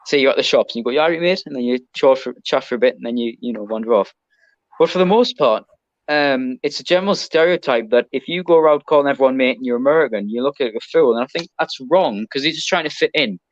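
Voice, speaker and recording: A man's voice: mid-range voice, quick pace, no echo. English man, podcast guest, rambling chatty talk, dry dull lo-fi sound. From Britain. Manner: rambling, chatty, lots of ums and restarts. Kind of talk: casual chat.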